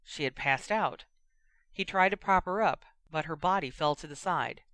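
An audiobook narrator giving a steady, expressive reading of a fiction story. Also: mid-range voice, normal speed, no room sound.

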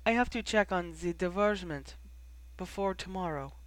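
A reader voicing a quiet, grieving young woman in a storybook reading, speaking softly. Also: mid-range voice, normal speed, no room sound, close to an everyday voice, poor audio. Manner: soft, quiet delivery. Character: young woman, soft-spoken, grieving and guarded.

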